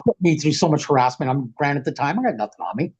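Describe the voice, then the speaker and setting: Husky man telling a wild story. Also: a little high, quick pace. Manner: animated, rambling, slangy, acts out quotes. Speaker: podcast guest. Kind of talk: casual storytelling.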